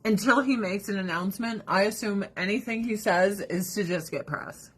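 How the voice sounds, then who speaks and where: A woman's voice: mid-range voice, moderate pace, fairly bright tone, breathy edge. A woman chatting casually to camera in a blunt, profane way. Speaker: vlogger. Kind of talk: casual chat.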